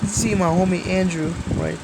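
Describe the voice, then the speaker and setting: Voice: mid-range voice, steady tone, moderate pace, vocal fry, very noisy. A vlogger talking in a casual, rambling way, swearing constantly and giggling between lines. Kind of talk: casual rambling vlog talk.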